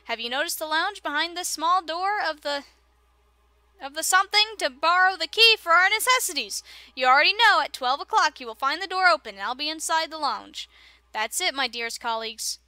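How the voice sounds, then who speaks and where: A woman voicing a pompous, formal male professor in a horror game, speaking grandly and loudly. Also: extremely high pitch, animated, fairly quick, no room sound, voice pushed up, full character voice. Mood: grandiose.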